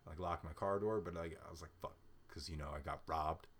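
A young man telling a story in a casual chat, swearing freely and ranting with animated frustration. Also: rumbling low, brisk, husky.

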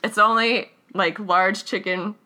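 A woman's voice: medium pitch, fairly even intonation, unhurried, sharp tone. A woman co-hosting a casual podcast chat, giggly and eager to explain what she read. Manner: giggly, explaining her research. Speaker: podcast co-host.

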